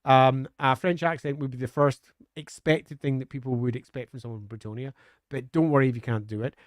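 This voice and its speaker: A man's voice: mid-range voice, steady tone, fairly quick, dry recording, studio quality. A man on a live stream answering viewer questions in a chatty, upbeat way, with frequent hesitant fillers.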